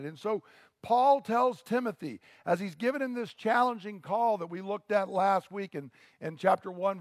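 A man's voice: sits high, no echo, studio quality, long reverb tail. A pastor preaching a sermon to his congregation, earnest and teaching, with rhetorical questions.

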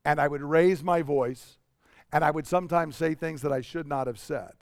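A man's voice: a little high, normal speed, no echo, studio quality. A man giving a sermon in a conversational storytelling way, asking the congregation rhetorical questions. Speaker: pastor.

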